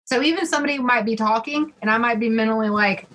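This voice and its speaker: A woman's voice: on the high side, fast talker, noisy background. A woman guest on a casual interview, talking openly and animatedly, often quoting her own thoughts. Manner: animated, laughing, quotes herself. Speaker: guest author. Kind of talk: casual conversation.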